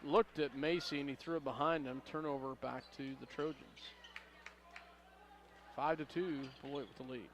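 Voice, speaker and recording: A man announcing a high school basketball game play-by-play, calling passes quickly and rising on big plays. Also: steady tone, noisy background. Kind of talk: local radio basketball commentary.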